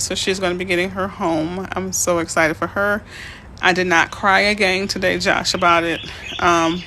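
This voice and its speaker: Realtor lady live streaming, answering chat, bright voice, birds chirping faintly behind. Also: lowish voice, slight background noise. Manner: reads out and answers viewer comments; chatty, excitable, easily emotional.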